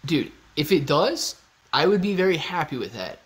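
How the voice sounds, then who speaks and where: A man hosting a casual live stream, chatty and excitable, talking straight to his viewers. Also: a little high, normal speed. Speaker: livestream host.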